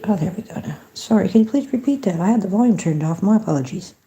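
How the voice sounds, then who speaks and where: A woman's voice: mid-range voice, lively intonation, fast talker, dark tone, slight background noise. A woman livestreaming from home in a folksy, chatty manner, talking to her viewers and to a phone voice assistant. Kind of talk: casual livestream chat.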